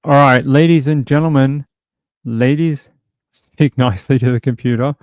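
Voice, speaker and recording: A man's voice: medium pitch, moderate pace, darkish tone, no room sound. Rambling man hosting a crime stream. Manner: rambling, loose talk full of fillers. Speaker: true crime livestream host. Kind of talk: casual livestream chat.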